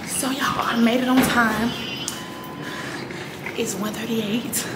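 A woman's voice: a little high, fairly even intonation, slow, long pauses. A young woman, a college student, chatting casually to a handheld camera and calling her viewers y'all. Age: young adult. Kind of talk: casual vlog narration to camera. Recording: loud background noise.

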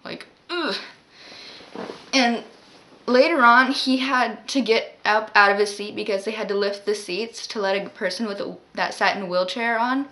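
A woman's voice: mid-range voice, fairly even intonation, moderate pace, bright, forceful tone. A woman telling a story to her vlog in a casual, rambling way, full of "like" and exasperated asides. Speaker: vlogger.

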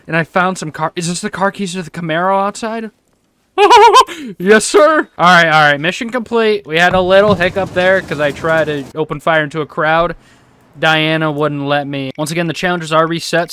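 A man giving excitable, swearing gameplay commentary, joking to himself as he plays. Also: fairly high pitch, normal speed, clean tone. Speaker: gaming video host.

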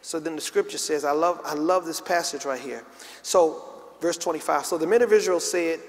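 High-voiced pastor preaching in a big hall. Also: male voice, moderate pace. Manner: call-and-response preaching, rising to emphatic peaks. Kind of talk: sermon. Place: large church sanctuary with congregation. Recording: live church recording with reverb.

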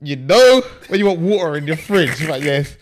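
A man's voice: on the high side, big pitch swings, moderate pace. A young man telling a long story in casual chat, laughing often and full of slang. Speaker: podcast co-host.

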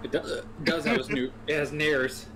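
A man's voice: on the high side, level tone, normal speed, a crowd in the background. A man in a casual gaming chat, with dry, sweary banter.

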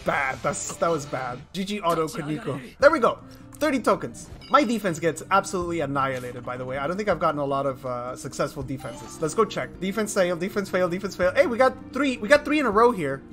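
A man from Colombia giving chatty, excitable gameplay commentary on a live stream, joking at his own expense and talking to viewers. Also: a little high, brisk. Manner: excitable, chatty, self-mocking, talks to chat. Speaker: game streamer. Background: faint game music.

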